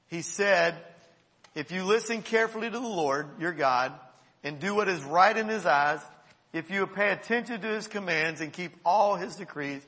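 A man's voice: high voice, pushed and bright. An older man, a pastor, preaching a sermon in a conversational, candid way with laughs and asides. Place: church. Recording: long reverb of a church hall.

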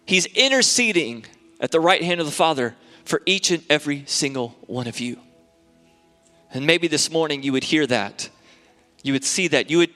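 Bright-voiced pastor in a reverberant church. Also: male voice, on the high side. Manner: earnest, repetitive, builds to fervent prayer. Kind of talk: sermon. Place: church sanctuary. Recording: long hall reverb in a church.

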